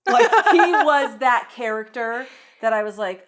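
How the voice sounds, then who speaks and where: A middle-aged woman co-hosting a podcast in casual chat, lively and quick to act out lines in voices. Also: fairly high pitch. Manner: animated, acts out lines from the film in voices. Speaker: podcast co-host.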